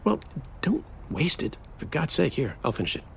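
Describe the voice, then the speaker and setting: A man's voice: on the high side, big pitch swings, normal speed, gravelly, husky, full character voice. A man playing a sardonic, theatrical groom. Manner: melodramatic, sardonic, swinging between drawls and outbursts. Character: flamboyant, bitter groom on wedding day. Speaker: actor in a stage play. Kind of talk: theatrical stage acting.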